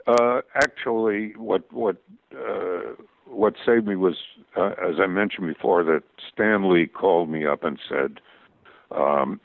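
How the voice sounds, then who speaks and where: An older man, a guest cartoonist, telling stories in an interview in a halting way full of restarts. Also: low voice, gravelly. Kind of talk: interview storytelling. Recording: tinny phone-like radio audio.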